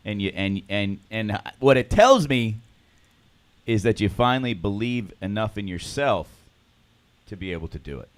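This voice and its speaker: A man leading a morning recovery group, talking earnestly and emotionally and clearing his throat often. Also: fairly low pitch, lively intonation, moderate pace. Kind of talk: motivational group talk.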